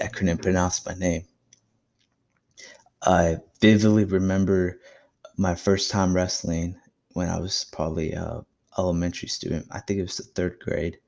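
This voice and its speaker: A man's voice: low voice, vocal fry, a little mellow. A young man hosting his own podcast, telling a personal story in a casual, reflective and encouraging way. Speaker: podcast host. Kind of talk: casual solo podcast monologue.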